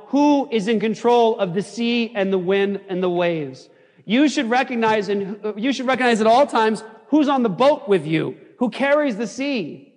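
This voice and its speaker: High-voiced, animated male preacher in a hall. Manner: animated, jokey, swings from shouting to low intense emphasis. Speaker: pastor. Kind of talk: sermon. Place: church sanctuary.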